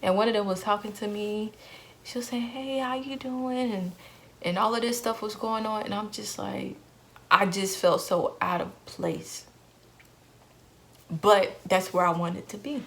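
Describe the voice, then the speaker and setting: Earnest young woman with a gravelly voice. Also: medium pitch, steady tone, unhurried, a little hiss or hum. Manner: earnest, repeats phrases for emphasis, acts out quoted voices. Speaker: vlogger. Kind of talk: emotional personal storytelling.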